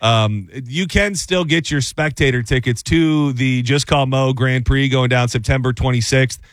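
A man's voice: mid-range voice, unhurried, no echo, clean studio sound. A young man co-hosting a morning show in casual banter, rambling, stammering and repeating himself in a playful way. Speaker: radio co-host.

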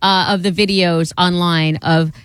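Woman co-hosting radio, medium voice, super chatty and excited, dry studio sound. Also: lowish voice, measured pace, smooth, no room sound. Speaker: radio co-host. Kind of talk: casual radio chat.

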